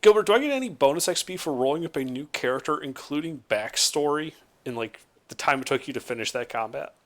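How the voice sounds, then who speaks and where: Tabletop player, male, animated delivery, explains rules carefully in a casual tone. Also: on the high side, quick pace. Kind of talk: casual chat at a tabletop game.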